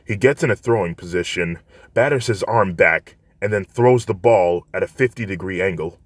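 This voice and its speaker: A man with a deep, low voice narrates a fan fiction story in a plain, unpolished way, restarting phrases as he goes. The recording is dry and close. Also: moderate pace, dry recording.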